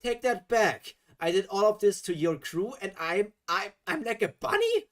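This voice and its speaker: A man's voice: high voice, very animated, moderate pace, fairly bright tone, voice pushed up. Man putting on a huffy, offended young girl. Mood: indignant. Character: indignant young girl fighter, prideful.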